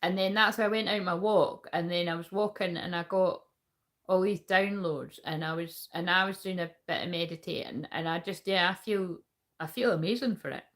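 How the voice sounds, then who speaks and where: A tarot reader with a lowish, fairly bright voice speaks at a normal speed during a livestreamed reading. She chats casually with viewers and the chat while pulling cards, swearing freely.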